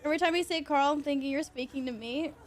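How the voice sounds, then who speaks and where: A woman streamer giving live commentary on a horror game, excitable, swearing and shrieking with laughter when chased. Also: sits high, quick pace, faint music behind.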